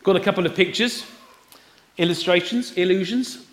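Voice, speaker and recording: A man's voice: sits high, moderate pace, a bit bright. A man preaching an Easter sermon, talking conversationally and putting questions to the congregation. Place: church hall. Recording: roomy hall echo.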